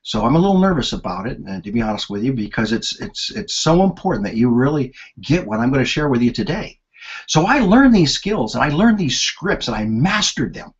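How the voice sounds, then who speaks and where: A man in his sixties presenting a marketing lesson, telling anecdotes in an animated storyteller's way. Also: medium pitch, fairly quick, slightly rough, lo-fi sound.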